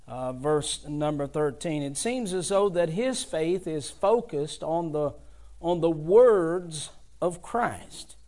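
A man preaching a sermon in a measured, deliberate way, rising to emphatic bursts when he reads scripture aloud. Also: on the high side, darkish tone.

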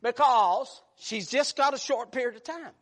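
A man preaching a sermon, moving between quiet, hushed storytelling and loud, shouted passages. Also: very high voice, moderate pace.

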